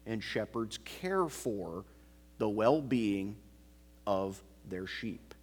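A man preaching an expository sermon, slow and emphatic, repeating key phrases. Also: fairly low pitch, animated, darkish tone, husky. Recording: long hall reverb.

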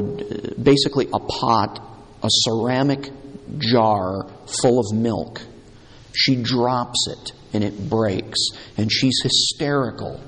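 Male pastor, mid-pitched, unhurried, emphatic delivery, echoing hall. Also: husky. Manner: deliberate, emphatic, repeating key words. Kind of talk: sermon. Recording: long hall reverb.

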